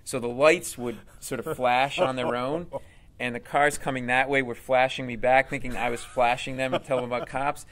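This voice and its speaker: Animated male comedian telling a story. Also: medium pitch, normal speed. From Rhode Island, USA. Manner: animated storyteller who acts out quoted voices. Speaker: stand-up comedian, interview guest. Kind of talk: conversational storytelling in an interview.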